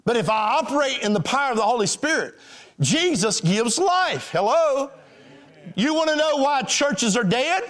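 A man preaches to his congregation in a high, animated voice. He is emphatic and calls out questions to the church. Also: normal speed. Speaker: pastor. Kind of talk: sermon.

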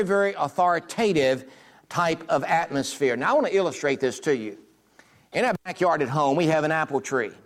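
A middle-aged man with a drawl delivers a sermon in a folksy, storytelling way. His voice sits a little high for a man, and he slips into the voices of the people in his examples. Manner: folksy storytelling, acts out quoted dialogue. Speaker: pastor.

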